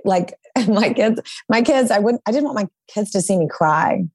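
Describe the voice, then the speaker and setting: A woman's voice: mid-range voice, animated, moderate pace, darkish tone, breathy edge, no room sound. A woman appearing as a divorce attorney guest on a podcast, talking in a reflective, candid way. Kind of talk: conversational interview.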